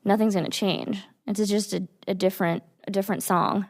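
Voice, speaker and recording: A woman's voice: medium pitch, fairly even intonation, brisk, no room sound. A woman from Houston co-hosting a casual podcast chat with her husband, blunt and teasing in a dry way. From Houston, Texas. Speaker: podcast co-host.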